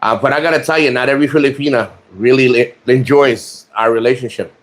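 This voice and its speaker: A man's voice: mid-range voice, fairly even intonation, fast talker. A man vlogging from a rented room, joking crudely and rambling with lots of restarts. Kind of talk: casual chat to camera.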